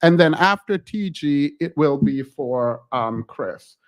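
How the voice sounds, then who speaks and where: A man hosting a casual live call-in stream, animated and laughing, often breaking off mid-sentence. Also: on the high side, takes it slowly. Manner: animated, laughing, self-interrupting.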